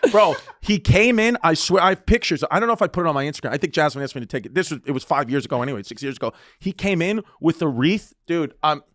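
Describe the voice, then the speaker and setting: A man's voice: a little high, lively intonation, fast, hardly any pauses, fairly bright tone, no room sound, clean studio sound. A man telling a comic story in casual talk, rambling, swearing and laughing as he goes. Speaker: comedian guest.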